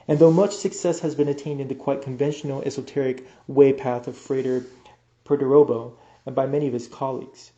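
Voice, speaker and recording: A man reading an esoteric book aloud as an audiobook, measured and deliberate, now and then stumbling and restarting a word. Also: fairly high pitch, warm tone. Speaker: audiobook reader. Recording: roomy, echoey room sound.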